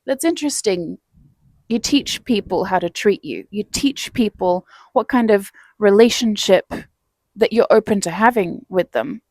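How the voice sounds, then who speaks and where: A woman's voice: mid-range voice, expressive, a little slow, a little mellow, no echo. Brief: chatty woman vlogger, dry close sound, easy laughs between lines. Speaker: self-help vlogger. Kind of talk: casual storytelling to camera.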